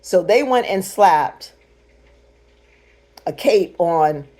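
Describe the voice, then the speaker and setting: A woman's voice: fairly low pitch, animated, very slow, mellow. A woman, talking straight to viewers in an emphatic, preachy way. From United States. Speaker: vlogger. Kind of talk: casual direct-to-camera commentary.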